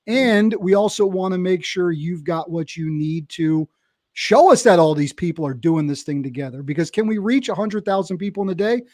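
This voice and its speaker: A male podcast host with a notably high voice, talking in an energetic, rallying way to his guests. The sound is dry and close, with no room in it. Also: moderate pace, no room sound. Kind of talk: podcast conversation.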